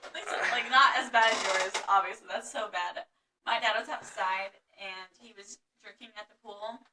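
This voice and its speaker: A woman's voice: medium pitch, moderate pace. A young woman co-hosting a podcast, telling rambling, giggly stories in casual chat. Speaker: podcast co-host. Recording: distant mic with faint background noise.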